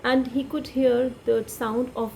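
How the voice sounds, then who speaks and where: A woman, teaching English by reading a story aloud with expression and then explaining it quickly. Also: a little high, level tone, vocal fry, darkish tone, a little hiss or hum, poor audio.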